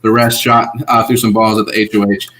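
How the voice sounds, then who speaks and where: A man's voice: on the low side, fairly quick, low-quality recording. A man co-hosting a casual online show, talking animatedly and laughing often. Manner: animated, laughs often, voices quoted contestants. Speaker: podcast co-host. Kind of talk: casual recap chat.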